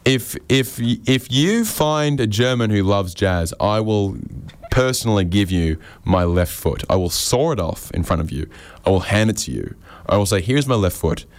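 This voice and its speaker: A man doing a rambling, deadpan, self-deprecating stand-up monologue on radio. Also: on the low side, normal speed. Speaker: comedian.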